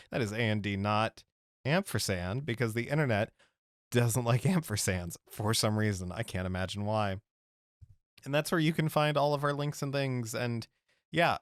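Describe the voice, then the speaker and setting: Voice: mid-range voice, clean tone, no echo, studio quality. A podcast co-host in casual chat, teasing and jokey, reading out the show's plugs.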